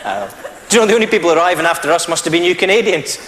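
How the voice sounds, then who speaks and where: A Scottish man doing stand-up comedy, an animated storyteller who drops into silly voices. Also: sits high, racing, heavy background noise. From Scotland. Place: large theatre stage. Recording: echoey theatre with loud crowd laughter. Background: audience laughter.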